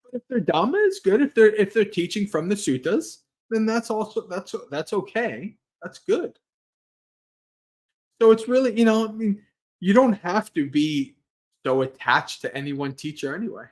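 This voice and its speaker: A man with a somewhat high voice speaks as a Buddhist monk hosting a livestream. He talks casually and earnestly, often restarting his phrases, and his delivery sounds unscripted and conversational. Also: lively intonation, moderate pace. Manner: rambling and earnest, with frequent restarts and light laughs. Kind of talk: casual Dharma talk and Q&A.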